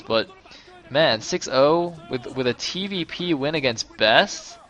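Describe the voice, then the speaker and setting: A man in the middle of his range casting a game in a loose, chatty way. He thinks aloud, takes back what he just said, and his voice climbs and swells with excitement when a fight breaks out. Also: medium pitch, unhurried, muffled recording. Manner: chatty and self-correcting, grows loud and excited in tense moments. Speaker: esports caster. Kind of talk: casual play-by-play game commentary.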